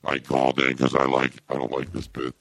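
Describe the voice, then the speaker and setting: A man voicing a gruff male prank caller with a burnt throat, talking in a deadpan, indignant way in a comedy podcast bit. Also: a bass voice, a little fast, dry recording, full character voice. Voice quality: gravelly.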